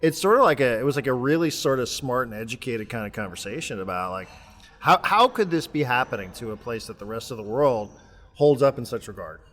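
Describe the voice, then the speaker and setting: A man's voice: medium pitch, expressive, a bit bright. Guy calling in from abroad, rambles and restarts a lot, voice rings with long reverb. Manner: rambling, halting, many restarts. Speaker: podcast co-host. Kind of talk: casual sports chat. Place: remote, traveling abroad.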